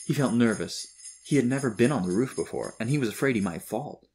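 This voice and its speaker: A man narrating a storybook in a measured, expressive reading. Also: medium pitch, slightly rough, faint music behind.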